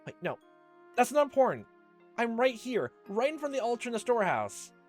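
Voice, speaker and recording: A man voicing a frantic young girl in a game playthrough, crying out loudly and pleading for help. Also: big pitch swings, fairly quick, soft background music. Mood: frantic shouting. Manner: shouting, high and strained.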